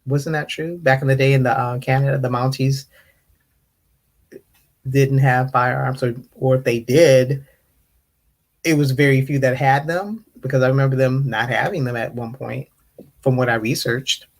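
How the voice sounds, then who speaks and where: Tipsy host rambling on a livestream, animated storyteller, chats w viewers. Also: mid-range voice, normal speed. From United States. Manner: animated storytelling, acts out others' rude questions in mocking voices. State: slightly tipsy from wine. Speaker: host of a live online discussion panel. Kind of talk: casual livestream chat, greeting and answering viewers.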